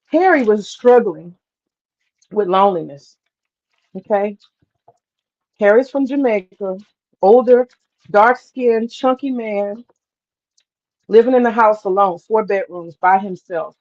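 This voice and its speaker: A woman's voice: mid-range voice, slow, long pauses, a little mellow, muffled recording. A woman hosting a live stream, telling a story in a candid, chatty way, swearing freely and talking to the chat. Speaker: host.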